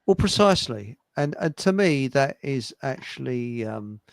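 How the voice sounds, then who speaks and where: A man's voice: medium pitch, expressive, measured pace, gravelly, no echo. An older man hosting a casual radio chat, joking and laughing often. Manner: chatty, laughs often, jokey asides. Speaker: host.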